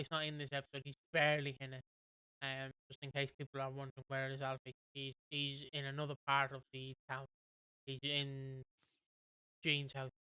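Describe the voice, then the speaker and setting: Man, podcast co-host, bright clear voice, dry close sound, quick amused chatter. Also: on the high side, dry recording, poor audio. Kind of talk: casual chat recapping a soap.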